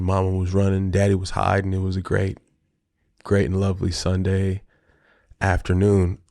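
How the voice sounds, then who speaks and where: A man's voice: sits low, a little mellow, no room sound, clean studio sound. A middle-aged man hosting a casual solo video diary, talking in a playful, rambling way to himself. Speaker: host.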